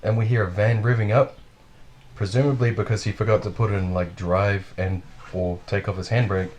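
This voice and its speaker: A man telling a wild story in casual chat, animated and full of swearing, laughing as he goes. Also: fairly low pitch, normal speed, dull audio. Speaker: podcast storyteller.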